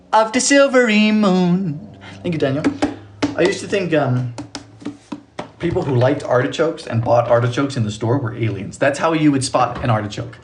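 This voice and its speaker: A man's voice: mid-range voice, background noise. Chatty man hosting a live bake. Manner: chatty, reads out viewer comments, playful exclamations. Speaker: livestream baking host. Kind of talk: casual live baking stream chat.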